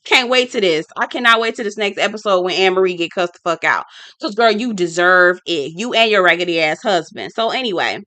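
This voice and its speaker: Sassy bright-voiced woman reviewer. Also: fairly low pitch, lively intonation, brisk, dry recording. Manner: sassy, blunt, swears freely. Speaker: reality TV review vlogger. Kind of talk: casual commentary.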